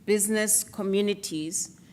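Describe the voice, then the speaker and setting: A woman giving an earnest, measured speech at an awards event, with some fillers. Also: mid-range voice, fairly even intonation, darkish tone. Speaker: speaker presenting an alliance against stereotypes.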